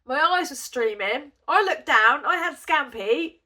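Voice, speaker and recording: A woman's voice: high-pitched, animated, unhurried, bright, forceful tone. A woman vlogger chatting casually and telling a rambling, giggly story, with a cough from a cold. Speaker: crochet vlogger.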